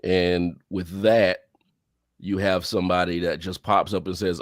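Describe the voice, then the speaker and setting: A man chatting casually in a group, animated, jumping into high squeals when joking. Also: normal speed, dry recording. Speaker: podcast host.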